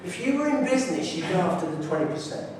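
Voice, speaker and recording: A fast-talking man with a high, sing-song voice gives an enthusiastic, direct conference talk, preaching through stories about his neighbours. He's heard from a distance in a large echoey hall, with a crowd in the background.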